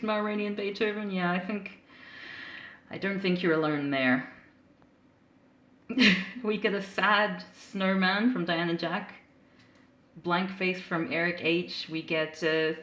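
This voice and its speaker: A woman's voice: fairly low pitch, fairly bright tone, reverberant. A woman live streamer chatting casually with her viewers, playful and giggly as she reacts to their comments. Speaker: live streamer reading comics.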